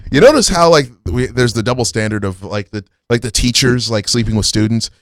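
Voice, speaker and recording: A man's voice: mid-range voice, lively intonation, no room sound. A man with a middling voice rambles through a casual comedy chat on a live web stream. He stumbles, restarts and piles on fillers. The sound is dry and close. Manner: rambling, halting, with many restarts. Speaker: co-host.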